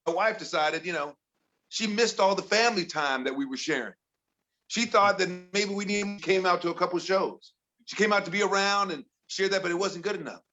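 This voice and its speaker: A middle-aged man from Chicago doing a stand-up set, telling exasperated stories about his home life and mimicking his family in higher voices. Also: brisk, sharp tone, dull audio, faint music behind. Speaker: stand-up comedian. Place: comedy bar with audience.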